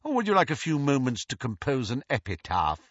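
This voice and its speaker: A man's voice: fairly low pitch, lively intonation, slow, pushed and bright, dry recording, muffled recording, full character voice. A man voicing a cold, sardonic wizard professor who talks in a bitter, clipped way, as an audiobook character.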